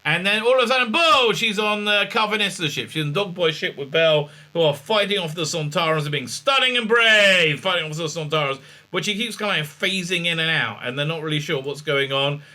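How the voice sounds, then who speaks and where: A man casually recapping a show episode, sarcastic and rambling, with many fillers and mocking high-pitched quotes. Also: fairly quick, sharp tone. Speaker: reviewer and show host.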